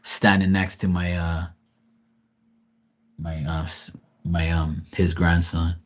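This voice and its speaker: A man's voice: low-pitched, level tone, slow. A man grieving, talking casually and profanely in a rambling livestream, often restarting his sentences. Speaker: tarot reader streamer.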